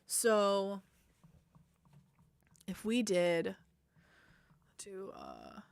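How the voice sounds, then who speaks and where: A woman streaming game design work at her computer, thinking aloud and trailing off into quiet mutters at a desk microphone, with keyboard typing behind her. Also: mid-range voice, huge pitch swings, drawn-out words, gravelly, clean tone. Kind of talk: live-streamed coding and design talk. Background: keyboard typing and clicks.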